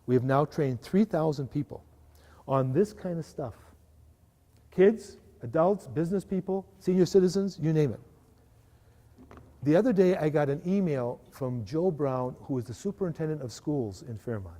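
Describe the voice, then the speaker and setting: A man giving a lively live workshop talk to a parish group, often asking the audience to agree. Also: on the high side, moderate pace. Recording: live hall recording with long reverb.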